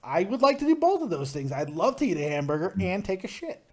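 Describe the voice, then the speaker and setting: A man's voice: high-pitched, very animated, fast, darkish tone. A man hosting a live call-in show, talking bluntly and ranting with lots of swearing. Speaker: podcast host.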